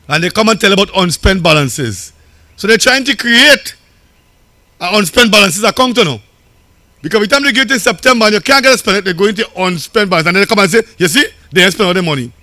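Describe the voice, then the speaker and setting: A man's voice: high-pitched, animated, a little fast, long pauses, sharp tone, no echo. A Trinidadian man, a local council chairman, giving a campaign rally speech in a conversational, storytelling way that often repeats phrases.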